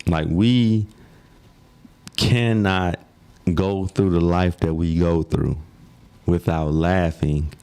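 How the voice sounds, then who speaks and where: A man co-hosting a podcast, steering the conversation in a relaxed, casual way. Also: low-pitched, slow pace, long pauses, clean tone. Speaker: podcast co-host.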